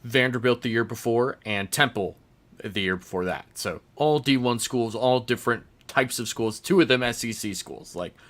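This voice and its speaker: A man with a bright, forceful voice hosts a relaxed sports podcast. He rambles through his thoughts in a chatty way and laughs easily. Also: mid-range voice, normal speed. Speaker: podcast host. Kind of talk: casual sports chat.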